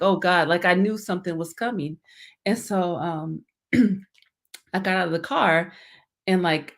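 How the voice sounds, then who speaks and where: Earnest woman with a lowish voice. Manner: earnest, rambling, many fillers and restarts. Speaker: life and motivational coach, guest. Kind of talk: personal survival story told in conversation.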